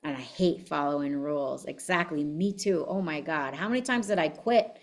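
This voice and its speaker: A woman's voice: sits low, moderate pace. A woman giving a casual motivational talk as a business coach, telling her story in a blunt, fiery, profane way. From United States.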